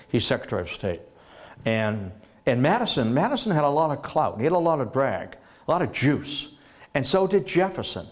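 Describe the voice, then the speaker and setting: A middle-aged man giving a lively history lecture, telling it as a story and stopping to repeat himself and restart. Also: mid-range voice. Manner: lively storytelling, acts out historical figures in dialogue; restarts and repeats words often.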